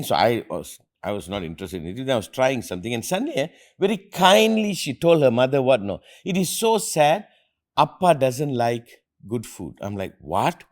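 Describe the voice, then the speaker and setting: A man's voice: mid-range voice, big pitch swings, fairly quick. A middle-aged man from India, hosting an earnest motivational talk with his family and repeating phrases for emphasis. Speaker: host and motivational speaker.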